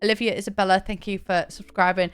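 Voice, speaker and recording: Chatty woman streamer, smooth voice. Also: medium pitch, fairly even intonation, quick pace, soft background music. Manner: chatty, thanks viewers by name, laughs often. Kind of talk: casual live-stream chat. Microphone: desk mic, camera on.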